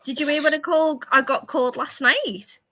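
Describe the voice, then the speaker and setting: A woman chatting casually on a livestream panel, telling loud, sweary stories and laughing often. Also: high-pitched, fairly quick, rough recording. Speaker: streamer panel guest.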